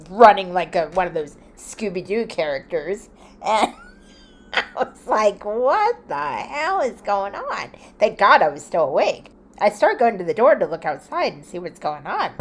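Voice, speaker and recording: Chatty woman with a lively voice. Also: on the low side, a little hiss or hum. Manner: chatty, laughs often, animated quoting of others. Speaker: vlogger. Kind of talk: casual storytelling vlog.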